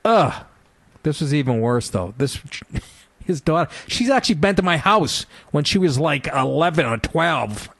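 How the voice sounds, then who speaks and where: A man's voice: fairly high pitch, lively intonation, measured pace, gravelly, a bit bright, no echo. A middle-aged man telling rambling, profane anecdotes on talk radio, often laughing as he talks. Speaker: radio show talker. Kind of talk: casual storytelling on talk radio.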